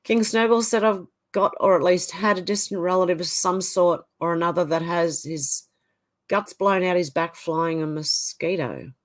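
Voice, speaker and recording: An Australian livestream host goes through viewer comments out loud, reacting in a chatty, casual style. Her voice is on the low side, with a moderate pace.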